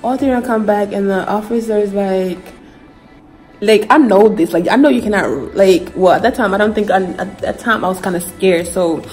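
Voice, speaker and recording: A woman's voice: mid-range voice, normal speed, rough recording. Vlogger, female, young adult, from Ghana; chatty storytime delivery, faint music underneath. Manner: chatty, animated retelling full of "like" and slang. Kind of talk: casual storytime vlog.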